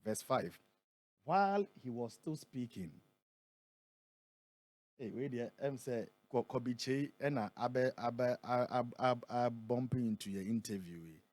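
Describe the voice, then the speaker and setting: A Ghanaian man who is a prophet, speaking in a radio interview and reading scripture aloud, slowing down and building on the key words. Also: medium pitch, darkish tone, no room sound. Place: radio studio.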